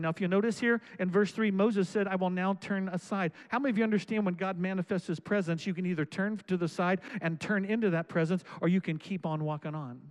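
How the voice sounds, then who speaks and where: High-voiced preacher man building to shouts. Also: fairly even intonation, brisk, hardly any pauses, rough recording. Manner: preaching with rising, shouted exhortations; reads scripture aloud, then comments. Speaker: pastor. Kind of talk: sermon.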